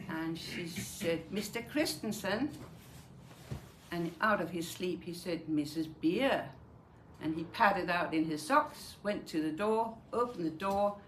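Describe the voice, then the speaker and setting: A woman's voice: on the low side, fairly bright tone. Older woman recounting a memoir, echoey room. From Denmark. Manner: vivid storytelling, acts out quoted dialogue. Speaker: Holocaust survivor giving a talk. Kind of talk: personal memoir talk. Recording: echoey room with faint noise.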